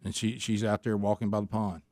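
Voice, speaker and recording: A man's voice: lowish voice, flat delivery, a little fast, a little mellow, dry recording, clean studio sound. A man hosting a radio show, telling a long story in a casual, rambling way with many restarts.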